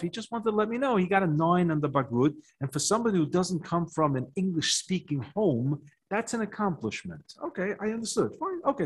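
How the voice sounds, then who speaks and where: An older American man, a rabbi, giving a Torah talk to a live audience and telling a story with rising excitement. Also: on the high side, slightly rough. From United States. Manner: animated storytelling, rises in excitement.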